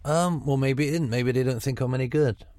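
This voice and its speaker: A middle-aged man with a Gloucestershire burr talks frankly and at length, restarting his sentences as he goes. His voice sits at a middling pitch, with a close, dry sound and no room around it. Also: a little fast, darkish tone, no room sound. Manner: frank, chatty, many restarts. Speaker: football manager. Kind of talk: radio interview.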